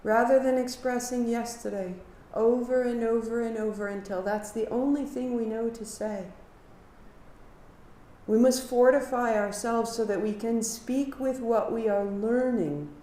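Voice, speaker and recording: A woman teaching a live kundalini yoga class, giving calm movement cues and sharing earnest reflections. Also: on the high side, unhurried, slight background noise. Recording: echoey room.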